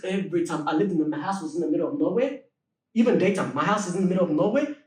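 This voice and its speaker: A young man hosting a casual podcast and telling animated stories with lots of laughter. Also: sits high, rapid-fire. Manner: animated, laughing, acts out voices. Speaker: podcast host. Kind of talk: storytelling in casual chat. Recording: echoey room, mic far off.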